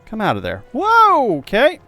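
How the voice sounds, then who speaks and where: Young man, game commentary, excitable, slightly high voice, faint background music. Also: measured pace. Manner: excitable, swings from loud yelps to muttering. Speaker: video game streamer. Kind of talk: let's play commentary.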